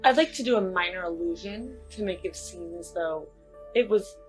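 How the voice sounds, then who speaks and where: A woman player in a tabletop game, calmly describing her character's actions. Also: lowish voice, moderate pace, faint music behind.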